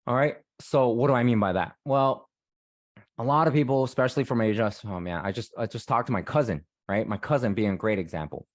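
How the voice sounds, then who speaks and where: A man's voice: medium pitch, brisk, no room sound, clean studio sound. A man giving a casual, repetitive career-coaching talk, often asking "right?" to his listeners. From Canada. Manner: chatty, repeats himself, frequent "right?". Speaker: career coach and guest speaker.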